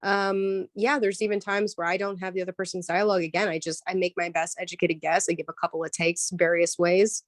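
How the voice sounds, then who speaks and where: A woman voice actor chats as a podcast guest, her voice a little low for a woman. She talks in a lively, explanatory way, full of "um" and "like". The sound is close and dry over a remote call mic. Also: brisk, hardly any pauses, no room sound. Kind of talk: casual interview chat.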